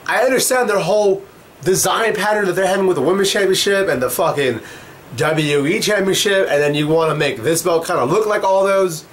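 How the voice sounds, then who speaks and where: A man's voice: high-pitched, fairly quick, slight background noise. Heated, profane young man ranting. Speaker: wrestling commentator vlogger. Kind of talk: ranting commentary.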